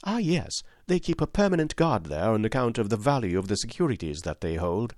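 A man's voice: fairly low pitch, big pitch swings, fairly quick, darkish tone, no echo, clean studio sound. A man voicing an anxious young male clerk who pleads for help in a storybook reading. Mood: agitated.

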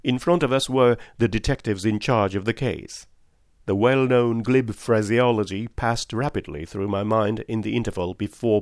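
A man reading an audiobook as narrator, in a measured, deliberate way. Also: lowish voice, creaky, dry recording, studio quality. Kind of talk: scripted narration.

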